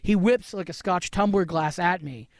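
A man's voice: sits high, normal speed, no echo, clean studio sound. A man, a stand-up comedian, giving blunt, profane opinions in casual chat.

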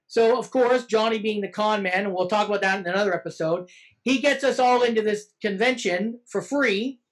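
A man hosting a casual podcast conversation. He keeps things moving briskly, moving from prompts into retelling a story. His tone is conversational. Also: extremely high pitch, rough recording. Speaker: podcast host.

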